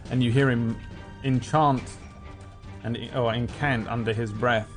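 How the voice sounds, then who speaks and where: Relaxed man running a tabletop game. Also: medium pitch, faint music behind. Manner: relaxed, halting narration with many fillers and sound effects. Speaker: game master.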